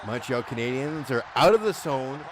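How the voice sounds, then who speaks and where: A man hosting a live hockey watch-party stream, calling plays and chatting with viewers in an excitable, rambling, joking way. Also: mid-range voice, moderate pace.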